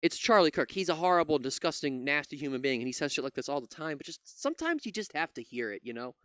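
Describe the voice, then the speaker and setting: A man's voice: a little high, sing-song, fast talker, fairly bright tone, smooth, dry recording, studio quality. A man hosting his own channel, reacting to a clip with profane, exasperated ranting. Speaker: commentary channel host. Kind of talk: angry reaction commentary.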